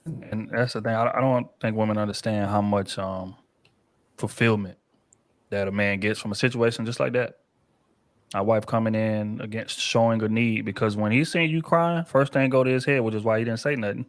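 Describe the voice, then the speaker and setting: A man's voice: on the low side, fairly even intonation, normal speed, no echo. Man casually riffing, dry close mic. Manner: loose, rambling, with casual profanity. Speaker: podcast co-host. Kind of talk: casual panel discussion.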